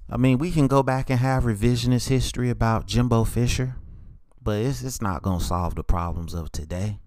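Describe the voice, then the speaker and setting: A man hosting a solo sports podcast, speaking in a dejected monotone with many halting fillers. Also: medium pitch, no room sound, clean studio sound. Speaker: podcast host.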